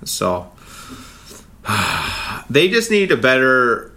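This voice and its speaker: A man's voice: medium pitch, wildly swooping pitch, bright, forceful tone. A man hosting a sports podcast, ranting heatedly with lots of swearing. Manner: profane, heated, rapid rant. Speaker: podcast host.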